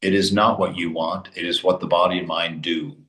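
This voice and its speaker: A man delivers a spiritual teaching with forceful, exhorting energy. His voice sits low. The room around him rings with noticeable echo. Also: fairly even intonation, a little fast. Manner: forceful and exhorting, laughs between points. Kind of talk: spoken religious commentary. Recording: roomy echo.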